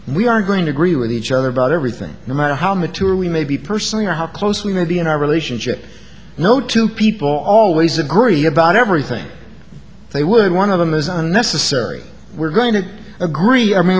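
A man's voice: a little high, expressive, fast talker, in a large hall, a little hiss or hum, low-quality recording. A man preaching an earnest sermon, acting out quoted lines as he goes.

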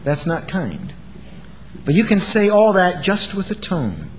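Animated man preaching in a reverberant hall. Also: high-pitched, unhurried, slight background noise. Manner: earnest, animated, acts out quoted lines. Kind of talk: sermon.

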